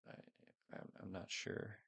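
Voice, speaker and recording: A man's voice: unhurried, sharp tone. A man hosting a casual livestream, rambling and unsure as he talks to a few viewers on a headset microphone. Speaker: livestream host.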